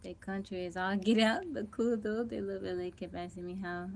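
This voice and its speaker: A woman's voice: mid-range voice, steady tone, moderate pace, vocal fry. A middle-aged woman hosting a casual livestream, chatting to viewers by name while sounding tired and weak, on a phone mic at home. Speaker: livestream host.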